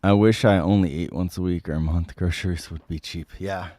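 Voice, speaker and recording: A man with a sick voice hosting a casual livestream, answering viewer comments with many ums and frequent throat clearing. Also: low-pitched, steady tone, brisk, dark tone, no echo.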